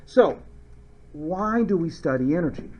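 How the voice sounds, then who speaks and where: A man's voice: fairly high pitch, expressive, measured pace, highs cut off. A man teaching a chemistry lecture in a playful, joking way, acting out little skits to explain ideas. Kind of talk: recorded classroom lecture.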